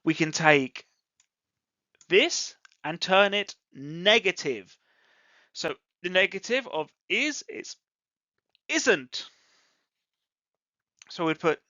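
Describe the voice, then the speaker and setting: Lively, slow-paced English teacher. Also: medium pitch, no room sound. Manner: deliberate, acts out example sentences with exaggerated intonation. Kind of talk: scripted online grammar lesson. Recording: dull lo-fi audio, dry close sound.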